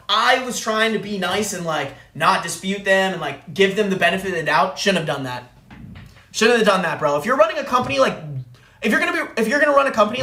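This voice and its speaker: A woman's voice: medium pitch, a bit bright, echoey room. A woman streamer telling a story in an angry, profane rant, repeating phrases for emphasis. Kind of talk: ranting live-stream story.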